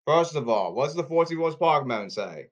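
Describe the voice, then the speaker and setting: A man's voice: on the high side, very animated, fairly quick, muffled recording. A man rambling in an insistent, repetitive way, often restarting his sentences. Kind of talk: rambling address to camera.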